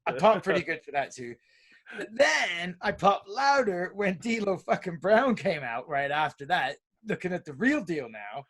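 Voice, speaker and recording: High-voiced excitable man on a podcast. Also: measured pace. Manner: excitable, blunt, swears casually. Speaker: podcast co-host. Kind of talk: casual wrestling recap chat.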